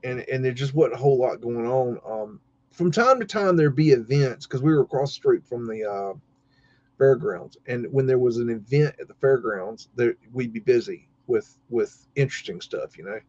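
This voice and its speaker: A man's voice: mid-range voice, normal speed, dark tone. Rambling folksy man, lo-fi stream. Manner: folksy, swears casually, lots of fillers. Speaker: podcast host. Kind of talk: casual rambling storytelling.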